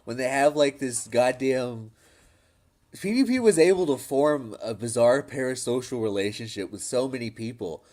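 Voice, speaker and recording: A man's voice: medium pitch, animated, normal speed, a little mellow. A man chatting casually on a podcast, laughing often and swearing freely. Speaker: podcast co-host. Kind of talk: casual crude banter.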